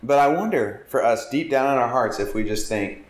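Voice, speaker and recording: A man's voice: medium pitch, expressive, normal speed. A man preaching and teaching, earnest, asking his listeners questions as he explains a passage. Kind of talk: sermon. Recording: echoey hall.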